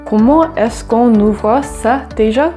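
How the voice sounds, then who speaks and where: A woman from Canada playing a learner in a lesson sketch, playful and expressive. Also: on the high side, slow. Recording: clear background music.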